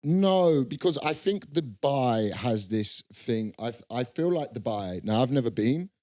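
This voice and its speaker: A man's voice: medium pitch, lively intonation, unhurried, dark tone, dry recording, clean studio sound. A young man, co-hosting a podcast in loose, joking banter and swearing freely. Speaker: podcast co-host. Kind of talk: casual banter.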